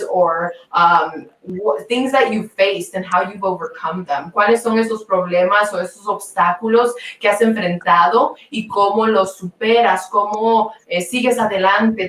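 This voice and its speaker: A woman hosting an interview, warmly affirming her guest with enthusiasm. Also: medium pitch, recorded from a distance. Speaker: host. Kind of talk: casual interview talk. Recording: roomy, set back from the mic.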